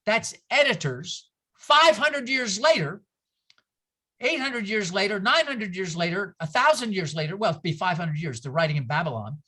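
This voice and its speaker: A man with a bright, forceful tone gives an informal teaching talk to a congregation. He is animated, jumping in pitch for emphasis, and keeps breaking off into asides while asking the room rhetorical questions. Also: moderate pace, breathy edge. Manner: animated, jumps in pitch for emphasis, frequent asides and self-interruptions; asks the audience rhetorical questions.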